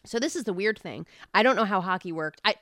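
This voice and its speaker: A woman's voice: mid-range voice, lively intonation, a bit bright, dry recording, studio quality. A young adult woman co-hosting a podcast, chatting and riffing playfully. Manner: playful, riffing, quick asides. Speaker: podcast co-host. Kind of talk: casual comedic chat.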